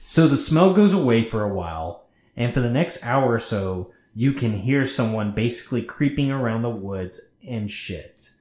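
Podcast co-host, male, mid-pitched, reads horror tales loosely and profanely in a roomy space. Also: animated, normal speed, a little mellow. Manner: profane, chatty, breaks off to comment. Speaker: podcast co-host reading a scary story. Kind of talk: casual story reading. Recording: roomy echo.

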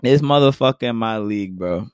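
A young man with a New York accent, co-hosting a podcast in casual, profane, animated chat. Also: fairly low pitch, brisk, clear, resonant tone, dry recording, clean studio sound. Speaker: podcast co-host.

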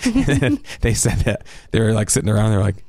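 A man's voice: on the low side, quick pace, dry recording. A man chatting casually on a podcast, retelling an anime episode and acting out the characters' lines as he goes. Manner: animated storyteller, acts out characters' lines. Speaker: podcast co-host recapping an anime. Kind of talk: casual chat.

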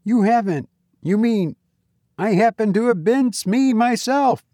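A man reading a ghost story aloud, voicing a brash, cheerful young man who calls out loud and breezy. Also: sits high, a little slow, pitched above the performer's own voice.

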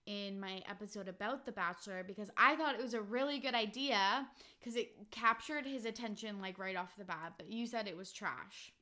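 A young woman from Canada hosts a relaxed podcast chat, her bright voice tumbling through stories with plenty of "like" and easy laughter. She talks loosely and warmly with a friend, never scripted. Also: medium pitch, normal speed. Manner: chatty, laughs often, heavy use of "like". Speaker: podcast host. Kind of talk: casual chat.

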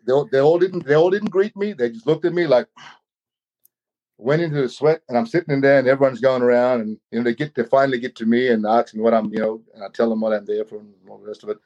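A man's voice: medium pitch, fast, darkish tone. Rambling man telling a story on a call. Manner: rambling, repeats words, many fillers. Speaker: guest. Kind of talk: personal storytelling. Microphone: video call. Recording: slightly muffled video call audio.

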